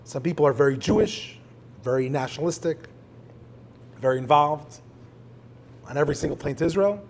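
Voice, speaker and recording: A man's voice: fairly high pitch, brisk, a little mellow, slight background noise. A man, a rabbi, interviewing a guest in front of an audience in a synagogue, telling stories with energy and quoting prayers in Hebrew. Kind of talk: live conversation before an audience.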